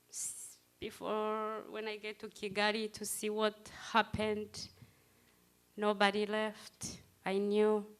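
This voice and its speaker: A middle-aged woman giving a personal testimony at a commemoration, speaking in short, halting phrases. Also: mid-range voice. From Rwanda.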